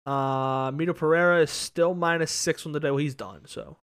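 A man's voice: a little high, fairly even intonation, normal speed, a bit bright, smooth. A man co-hosting a sports podcast in casual chat, rambling, repeating words and swearing freely. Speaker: podcast co-host. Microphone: podcast microphone.

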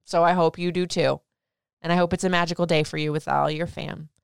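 A woman's voice: fairly low pitch, steady tone, fairly quick, gravelly, smooth, dry recording, clean studio sound. A young woman hosting a podcast, speaking emotionally and tearfully as she gives advice to her young son, then thanks her listeners. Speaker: podcast host. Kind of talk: heartfelt podcast monologue.

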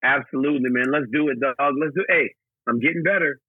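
A man's voice: medium pitch, fast, husky, no room sound, narrow, tinny audio. A middle-aged man as a podcast guest, talking bluntly and joking with the host. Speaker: guest, former coach. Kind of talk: casual podcast chat.

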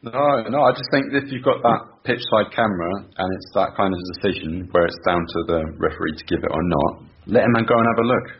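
A man co-hosting a football podcast in casual chat, calm and matter-of-fact. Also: fairly low pitch, fairly quick, hardly any pauses, husky. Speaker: podcast co-host. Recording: dull lo-fi audio.

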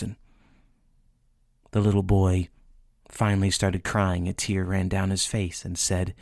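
A low-voiced man hosting a podcast, telling stories in an earnest, emphatic way. His voice has a gravelly grain. It sounds dry and close, with faint music underneath. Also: little pitch movement, unhurried, pauses often, no room sound. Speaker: podcast host. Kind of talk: inspirational storytelling.

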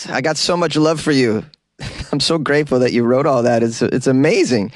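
A man who is a comedian, hosting his podcast in a loose, jokey, improvised monologue, often jumping high for punchlines. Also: normal speed, dry recording. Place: small closet studio.

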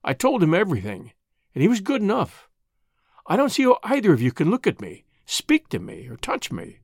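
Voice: medium pitch, wildly swooping pitch, fairly quick, vocal fry, breathy edge, no echo, studio quality, exaggerated voice. A narrator voicing a desperate, ashamed young man who confesses to theft in a choked, pleading voice. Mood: anguished. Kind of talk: reading a classic short story aloud.

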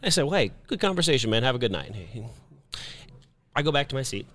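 A man from Kansas City, a radio host, telling an animated story in casual chat and acting out his own reactions. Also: medium pitch, fast talker.

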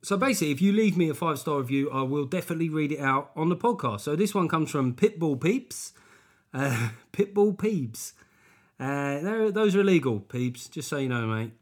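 A man's voice: on the high side, lively intonation, moderate pace. A tired man hosting a podcast, casual and chatty, swearing and mocking himself. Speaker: podcast host. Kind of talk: casual chat.

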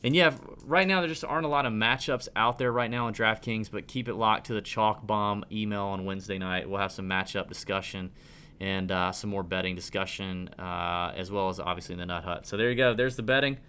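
A man's voice: fairly low pitch, fairly even intonation, a little fast, sharp tone, clear, resonant tone. A man in his thirties hosting a casual podcast, ranting with lots of restarts and stumbles. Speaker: podcast host.

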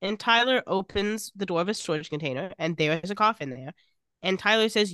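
A woman co-hosts a casual podcast, retelling an episode scene by scene and quoting the characters' lines. Her voice sits at an ordinary middle pitch. The recording is dry and close, with no room echo. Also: lively intonation, brisk, fairly bright tone. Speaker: podcast co-host recapping a TV episode. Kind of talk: casual chat.

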